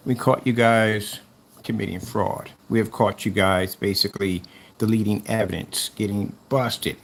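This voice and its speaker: Speaking on the low side with slight background noise, this man mocks a rival seller in a repetitive callout. He's a YouTuber who taunts and keeps circling back to the same jabs.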